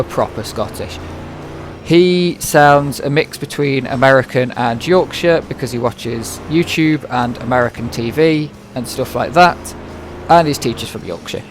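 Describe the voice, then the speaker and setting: A young English man streaming a game, chatting in a rambling way and pronouncing his words carefully, on a headset mic. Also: mid-range voice. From England. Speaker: gaming streamer. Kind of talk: casual chat while playing a game. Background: game music.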